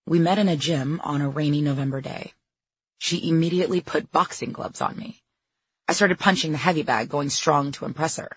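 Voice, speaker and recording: Husky woman reading her memoir. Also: low voice, brisk, no echo, muffled recording. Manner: candid, self-deprecating storytelling. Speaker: memoir narrator. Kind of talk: audiobook memoir narration.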